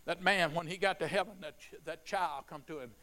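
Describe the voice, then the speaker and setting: A middle-aged man preaching a sermon, telling stories quietly and then rising to shouted fervor. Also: on the high side, fairly quick.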